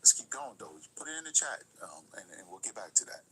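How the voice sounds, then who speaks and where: A man's voice: on the low side, big pitch swings, quick pace, pushed and bright, a little hiss or hum, low-quality recording. A man hosting a live-stream reaction, explaining points carefully and repeating them for emphasis. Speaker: commentary host.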